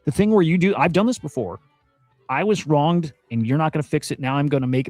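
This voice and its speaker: A man in the middle of a profane, exasperated rant on his crypto news stream, circling back over the same points again and again. His voice sits at an ordinary middle pitch. It is recorded dry and close, with faint music underneath. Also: darkish tone, no room sound. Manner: blunt, profane, exasperated, repeats himself. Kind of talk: casual ranting commentary.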